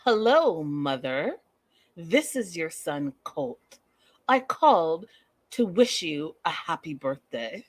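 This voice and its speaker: Woman doing a creepy mama's-boy son, slow and formal, lower and softer than her own voice, dry sound. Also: dry recording, full character voice. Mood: stiff. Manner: slow, flat, overly formal speech. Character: stiff, creepy adult son doting on his mother.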